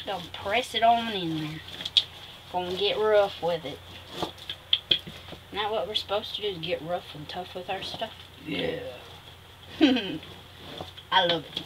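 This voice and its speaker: Chatty woman vlogging a craft project. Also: mid-range voice. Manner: chatty, talks fondly to viewers and laughs at herself. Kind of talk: casual craft tutorial chat. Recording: noticeable background noise.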